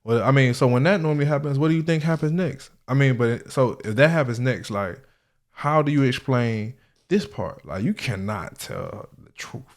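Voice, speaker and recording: Man, reaction host, casual commentary, profane, slangy, animated storytelling. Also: mid-range voice, moderate pace.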